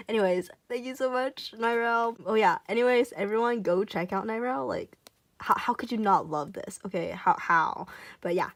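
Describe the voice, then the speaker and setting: A young woman unboxing a package in a casual vlog, gushing and excitable, her voice going a little hoarse. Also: medium pitch, moderate pace, no room sound. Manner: gushing, excitable, many exclamations. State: voice getting hoarse. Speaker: YouTuber.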